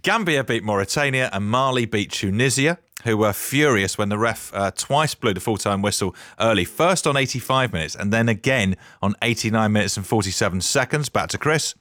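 Man, sports bulletin, lowish voice, matter-of-fact, dry. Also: lively intonation, brisk, fairly bright tone, no echo. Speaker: sports newsreader.

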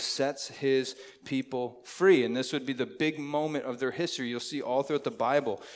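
A man delivering a sermon with a mid-range voice. He talks in a relaxed, conversational way and keeps putting questions to the congregation. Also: mid-range voice. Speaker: pastor.

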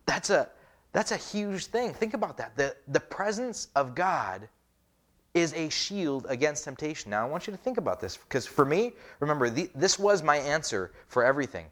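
A man's voice: on the high side, sing-song, normal speed, fairly bright tone. A man, a pastor, preaching a conversational sermon with many rhetorical questions. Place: church.

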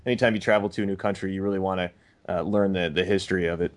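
A young American man co-hosting a casual comedy podcast, rambling with deadpan, mock-serious sarcasm. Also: deep voice, racing, a little hiss or hum. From United States. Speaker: podcast co-host.

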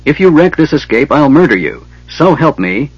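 A man voicing a gruff, hot-tempered old male dwarf in an audiobook reading, on lo-fi cassette tape. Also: fairly low pitch, big pitch swings, normal speed, dry recording. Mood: frantic shouting.

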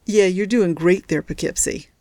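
A young woman with a dry, teasing wit, voiced by an audiobook reader in her own low voice. She speaks plainly and wryly. The sound is dry and close. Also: moderate pace, mellow, no room sound, lightly acted. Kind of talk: audiobook character voice.

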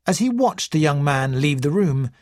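Brief: unhurried storyteller with a lively, varied pitch and a close, dry sound. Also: no room sound. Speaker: audiobook narrator. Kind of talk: scripted narration.

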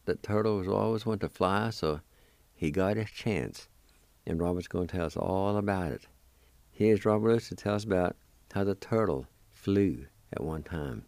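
Deep, gravelly male radio host. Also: moderate pace, darkish tone, no echo. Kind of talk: introducing a story.

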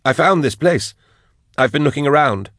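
A man's voice: a little high, expressive, moderate pace, fairly bright tone, no echo, clean studio sound, voice pushed up. A man voicing a cold, matter-of-fact female investigator with a withering tone. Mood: cool.

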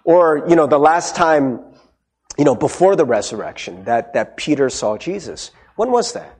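High, lively husky male pastor. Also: normal speed. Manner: tags many sentences with "right?"; acts out quoted speech in character. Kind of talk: conversational sermon.

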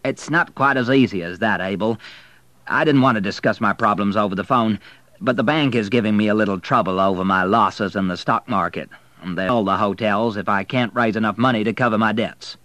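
A man's voice: fairly low pitch, a little fast, a bit bright, no echo, lightly acted. A man voicing a middle-aged Texan hotel owner, with a Texan accent and a preoccupied, unconvincingly reassuring manner.

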